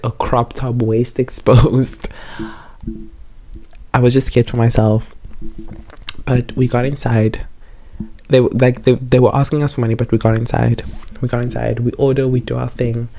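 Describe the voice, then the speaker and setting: A man's voice: medium pitch, warm tone. A young man in a casual storytime chat, a bit tipsy from wine, rambling and repeating himself as he tells the story. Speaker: vlogger.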